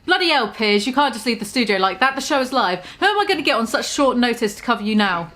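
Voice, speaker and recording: A woman's voice: on the high side, big pitch swings, fast, sharp tone. A woman voicing a worn-out male TV producer who stays polite while exasperated.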